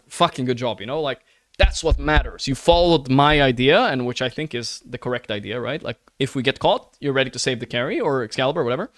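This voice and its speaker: A man's voice: fairly high pitch, fairly bright tone, dry recording. A man streaming live and ranting to his chat. He swears often, keeps asking "right?" and calls his listeners brother in an earnest, pleading way.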